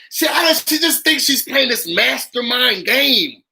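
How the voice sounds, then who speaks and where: A man's voice: very high voice, big pitch swings, takes it slowly, gravelly, pushed and bright, low-quality recording. A man hosting a casual reality TV recap, talking in a sassy, dramatic, slangy way and repeating lines for emphasis. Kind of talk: casual live recap commentary.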